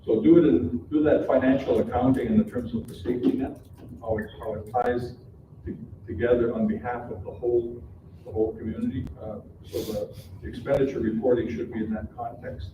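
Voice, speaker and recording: A man on a council speaking deliberately and haltingly, with many fillers. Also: medium pitch. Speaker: council member. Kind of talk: council meeting remarks. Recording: very echoey room, distant mic, noisy.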